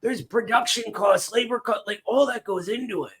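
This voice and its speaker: A man hosts a reaction show in a casual commentary, sounding exasperated and dismissive. His voice is on the high side. He speaks plainly. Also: normal speed, a bit bright.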